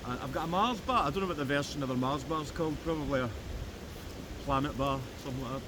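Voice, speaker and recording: A Scottish man with a fairly high voice talks fast, giving jokey running commentary for his metal-detecting vlog. He's filming outdoors in the woods beside a river, and the recording is noisy with the flowing river behind him.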